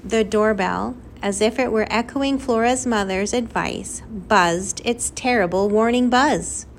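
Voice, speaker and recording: A woman reading a children's novel aloud as narrator, in a clear, lively storytelling manner. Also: on the high side, a little slow, slight background noise. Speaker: audiobook narrator. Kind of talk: scripted narration.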